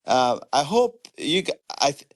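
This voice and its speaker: A man's voice: on the high side, big pitch swings, unhurried. Hesitant, stammering male caller. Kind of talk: live audio-room call.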